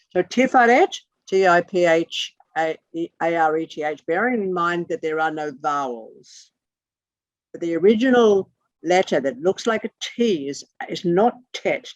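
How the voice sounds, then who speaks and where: This online lesson comes through a video call, with the teacher spelling every term out letter by letter. Blunt and occasionally profane, the teacher speaks in a mid-range voice. The sound is muffled and lo-fi, close and dry with no room sound at all.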